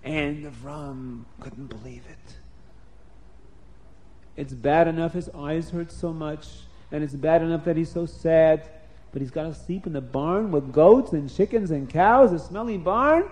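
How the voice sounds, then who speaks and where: A man telling a story to children, animated and stopping to explain words. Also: on the high side, a little slow.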